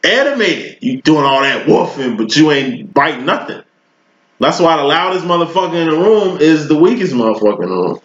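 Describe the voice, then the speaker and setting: A man's voice: a little high, sing-song, fairly quick. A man giving a casual tarot reading, talking in a loose, slangy, profane way and spinning long rambling analogies. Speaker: tarot reader. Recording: roomy, dull lo-fi recording.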